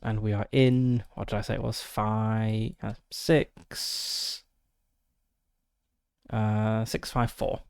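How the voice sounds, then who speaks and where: A man's voice: lowish voice, little pitch movement, takes it slowly, creaky, long pauses, a little mellow, clean tone, no echo, studio quality. A man streaming a solo tabletop game, reading out the gamebook text and muttering through his dice rolls with many fillers.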